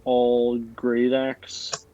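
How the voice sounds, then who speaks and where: A man playing a tabletop game, speaking hesitantly with many pauses and fillers. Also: medium pitch, monotone, warm tone, a little hiss or hum. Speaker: player. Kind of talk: casual tabletop play. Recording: slightly dull lo-fi audio.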